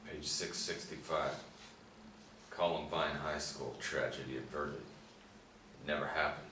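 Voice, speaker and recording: A callous young man who is gleeful about gore and brushes everyone off, as a man reads him. His voice is extremely deep. It is recorded far from the mic in a very echoey room, with clear hiss underneath. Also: steady tone, slow pace. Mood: dismissive. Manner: sneering, dismissive. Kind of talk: screenplay table read.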